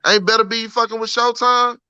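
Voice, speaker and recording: A man with a bright, forceful voice argues boxing in a brash, slangy way. His voice is close and dry. The audio has a dull lo-fi sound. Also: very high voice, flat delivery, a little fast, smooth, dry recording. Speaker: podcast co-host. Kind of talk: casual boxing debate.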